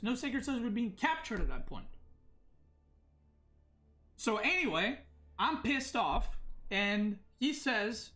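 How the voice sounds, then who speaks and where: A man's voice: high voice, sing-song, unhurried, long pauses, pushed and bright, soft background music. Agitated man ranting on a livestream. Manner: agitated, ranting, frequent restarts. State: upset. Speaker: esports player and streamer. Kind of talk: livestream rant.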